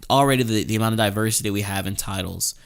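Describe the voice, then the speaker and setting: Casting note: young male podcast host, slightly low voice, stop-start casual talk. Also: very fast, creaky, clear, resonant tone. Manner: hesitant, repeats words, lots of fillers. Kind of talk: casual chat.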